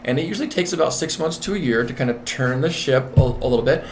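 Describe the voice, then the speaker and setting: A man being interviewed as a nurse manager and executive coach, talking in an emphatic, repetitive, animated way. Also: mid-range voice, fast talker, a little hiss or hum.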